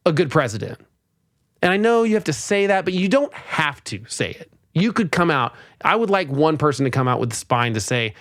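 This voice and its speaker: A man hosting a podcast, giving exasperated, animated political commentary with sarcastic mock quotes. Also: a little high, a little fast, no echo, studio quality. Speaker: podcast host.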